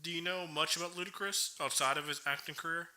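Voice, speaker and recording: A man's voice: a little high, steady tone, quick pace, bright, forceful tone. A young man co-hosting a casual podcast chat, giggling often and saying "dude" and "bro". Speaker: podcast co-host. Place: podcast studio.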